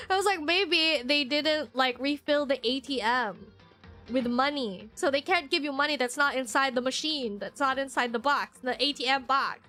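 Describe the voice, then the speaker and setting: A woman streamer chats casually on a live stream, rambling along with plenty of fillers and frequent laughter. Her voice is high-pitched and sharp-toned at a normal pace, with faint music in the background.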